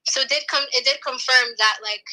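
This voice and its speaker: A woman's voice: high-pitched, a little fast, poor audio. An American woman calling in to a chat show, telling stories with lots of "I was like" and swearing. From United States. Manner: animated storytelling, heavy "I was like" and swearing. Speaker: caller. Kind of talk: casual call-in chat.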